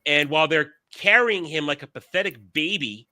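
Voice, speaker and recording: A man hosts a casual podcast chat and rants bluntly, swearing freely. His voice sits fairly high and sounds very bright and forceful. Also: moderate pace. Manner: blunt, profane ranting. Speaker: show host.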